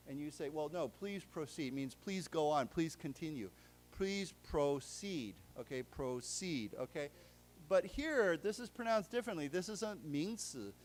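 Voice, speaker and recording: An American man giving a live English lesson in a library lecture room, explaining words slowly with many fillers and restarts. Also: high voice. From United States. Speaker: English teacher.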